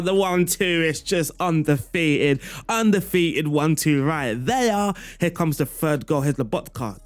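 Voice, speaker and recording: A man's voice: on the high side, darkish tone. A man giving an upbeat, playful walkthrough of a video game tactic, chuckling now and then as he explains. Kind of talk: casual gameplay walkthrough commentary. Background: faint background music.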